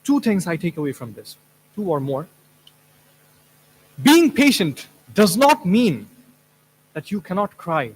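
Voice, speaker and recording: A man's voice: high voice, big pitch swings, measured pace, long pauses, husky. A man, an imam, giving an earnest Quran commentary lecture, asking rhetorical questions and reciting Arabic verses. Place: mosque hall. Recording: long hall reverb.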